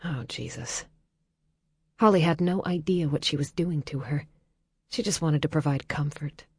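A woman reading a novel aloud as audiobook narrator in a calm, measured way, dropping soft in tender passages. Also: deep voice, slightly rough, dry recording. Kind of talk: scripted narration.

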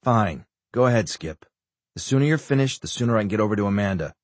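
A man's voice: on the low side, animated, fast, dry recording, close to an everyday voice. A man voicing a stubborn, sarcastic injured man pushing to get out of bed, in an audiobook. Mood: impatient. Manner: insistent, sarcastic. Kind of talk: audiobook character voice.

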